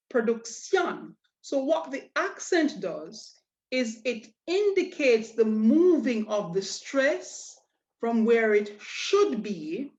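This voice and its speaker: Slow, patient female language teacher. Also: on the high side, a little mellow. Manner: patient, drawn-out examples with rhetorical questions. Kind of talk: slow, deliberate lesson explanation. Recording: dull, lo-fi audio.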